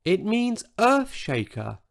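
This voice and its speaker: Shy giant male dinosaur with a tiny high meek voice, soft and lively, for a storybook, as a narrator puts him on. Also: takes it slowly, vocal fry, full character voice.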